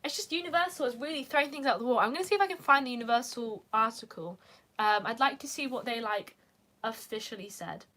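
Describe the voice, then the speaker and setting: Bright-voiced chatty British young woman. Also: fairly high pitch, fast talker. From United Kingdom. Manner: chatty, peppered with "like". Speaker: vlogger. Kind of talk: casual chat.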